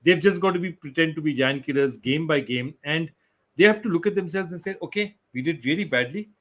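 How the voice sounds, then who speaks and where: A man's voice: fairly high pitch, brisk, a bit bright. A man making emphatic points as a cricket pundit over a remote link. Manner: emphatic, argumentative, repeats for stress. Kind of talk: post-match panel chat.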